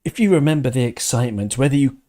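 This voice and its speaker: A man's voice: mid-range voice, expressive, fast talker, mellow. A man hosting a live fan stream, chatting loosely and thoughtfully, with frequent restarts and chuckles while reading viewer comments. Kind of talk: casual live-stream chat.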